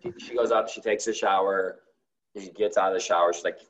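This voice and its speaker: A man's voice: low voice, steady tone, brisk, highs cut off, slight background noise. A man, a guest on a talk show, animatedly telling a story and acting out the dialogue, with plenty of "like". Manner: acts out quoted dialogue with lots of "like".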